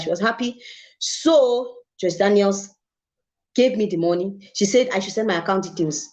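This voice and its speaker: A young Nigerian woman, a photographer, telling her story in an interview with lively, expressive delivery, slipping into Pidgin and laughing as she goes. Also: mid-range voice, moderate pace. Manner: animated storytelling with Pidgin phrases and bursts of laughter. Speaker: photographer guest.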